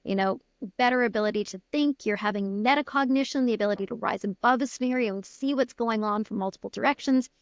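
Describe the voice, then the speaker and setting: Enthusiastic woman neuroscientist guest, bright higher voice, dry close mic. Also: quick pace, few pauses, no room sound. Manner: enthusiastic, explains with vivid examples. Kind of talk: explanatory interview talk.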